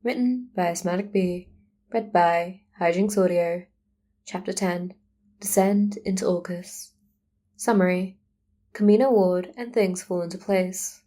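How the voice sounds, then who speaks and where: A woman's voice: mid-range voice, mellow. A woman reading a fan fiction story aloud as narrator. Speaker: podfic reader.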